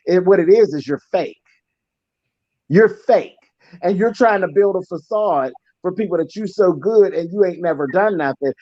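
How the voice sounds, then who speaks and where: A man's voice: high voice, no room sound, dull audio. A man speaking as a guest on an online panel chat, blunt and emphatic, repeating points for force.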